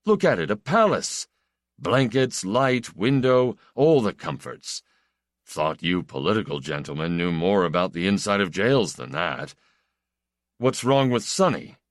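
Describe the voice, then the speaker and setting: A man's voice: sits low, sing-song, a little slow, dry recording, clean studio sound. A man voicing an edgy, ingratiating male prisoner with a mocking, sardonic drawl.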